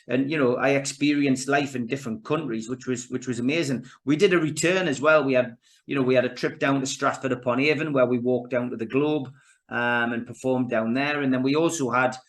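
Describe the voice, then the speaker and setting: A fifty-year-old man with a Geordie accent, relaxed and chatty. He spins long anecdotes in a mid-pitched, everyday voice, as a guest on an informal podcast. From Newcastle, England. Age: 50s. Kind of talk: casual podcast interview.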